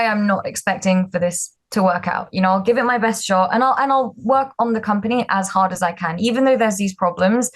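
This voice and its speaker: A young woman tells her startup story in an interview. She talks in a chatty, self-deprecating way, with plenty of ums and likes as she goes. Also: medium pitch. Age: 20s. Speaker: startup founder, guest.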